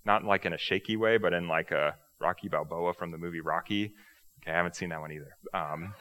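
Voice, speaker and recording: A male pastor giving a casual, conversational sermon, firing off rhetorical questions and poking fun at himself. His voice sits low but rings bright and forceful. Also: fairly quick.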